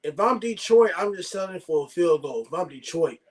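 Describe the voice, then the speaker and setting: A young man streaming live commentary on a football game, reading chat aloud and arguing excitedly about the coaching. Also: high-pitched, brisk.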